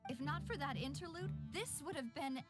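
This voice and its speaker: A woman's voice: high-pitched, brisk, over loud music, close to an everyday voice. A woman voicing an earnest young investigator. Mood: thoughtful. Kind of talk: video game voice acting.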